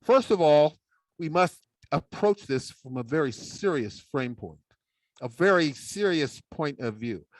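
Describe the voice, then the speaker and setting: A man giving a humorous speech in a playful, mock-serious way. His voice is a little high and very animated. The sound is dry and close. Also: a little slow, no room sound. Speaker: public speaking champion giving a talk.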